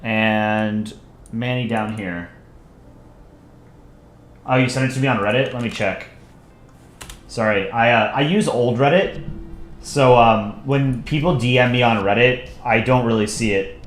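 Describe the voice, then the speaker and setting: A man's voice: mid-range voice, measured pace, long pauses, slight background noise. Man casually chatting on a drawing stream. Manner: relaxed, rambling with fillers. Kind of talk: casual live stream chat. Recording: echoey room with faint music.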